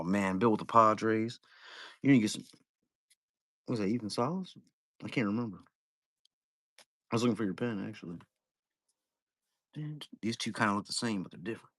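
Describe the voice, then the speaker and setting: A man's voice: medium pitch, fairly bright tone, no echo. A young man hosting a live card-break stream, chatting casually in a rambling, profane way.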